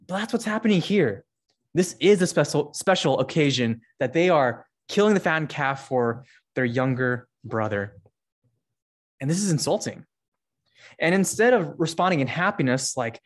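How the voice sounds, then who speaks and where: A young man giving a casual, conversational sermon, reading scripture and acting out the characters with lively jumps in pitch. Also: normal speed. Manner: conversational, many fillers, acts out characters with rising pitch. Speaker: preacher.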